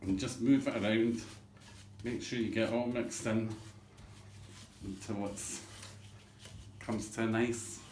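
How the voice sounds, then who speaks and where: A man's voice: lowish voice, fairly even intonation, slow, a little mellow, a little hiss or hum. A man hosting a home cooking show, talking through a recipe in a rambling, cheeky, self-mocking patter. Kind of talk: chatty cooking demonstration. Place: home kitchen, indoors. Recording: echoey kitchen with clattering dishes.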